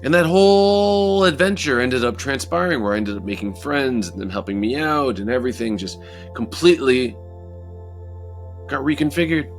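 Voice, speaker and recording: A man telling a personal story in a casual, animated motivational talk, acting out moments as he goes. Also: mid-range voice, moderate pace, soft background music. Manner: animated, acts out his own story with lively asides. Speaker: motivational speaker.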